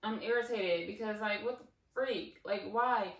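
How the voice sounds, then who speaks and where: A woman in her twenties telling a casual storytime on her channel, animated and digressive, with lots of fillers and asides. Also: medium pitch, unhurried. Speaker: vlogger. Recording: roomy, slightly distant mic.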